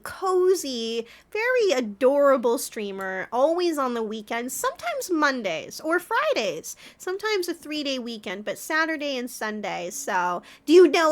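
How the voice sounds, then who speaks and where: A woman's voice: sits high, fairly bright tone. A young adult woman streamer wrapping up a live gaming stream, rambling and chatty with frequent giggles. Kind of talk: casual stream wrap-up chat.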